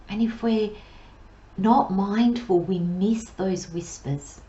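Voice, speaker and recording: A woman gives a pick-a-card tarot reading, her mellow voice unhurried and soothing, with long pauses and soft near-whispers. The recording sounds slightly dull and lo-fi. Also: medium pitch, roomy sound, slight background noise. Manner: slow, gentle, soothing delivery with drawn-out pauses. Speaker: tarot reader.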